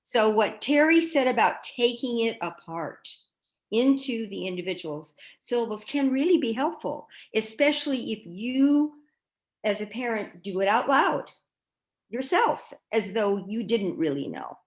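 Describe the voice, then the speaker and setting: A woman on a parent panel explaining patiently how to model taking words apart, thinking out loud as she goes. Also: on the high side, very animated, a little slow, rough recording. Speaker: reading specialist panelist. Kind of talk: casual panel discussion.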